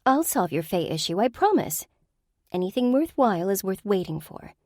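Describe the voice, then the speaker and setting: A woman voicing a prim, serene female witch who speaks in a calm, formal way. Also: medium pitch, normal speed, no echo, studio quality, voice pushed up.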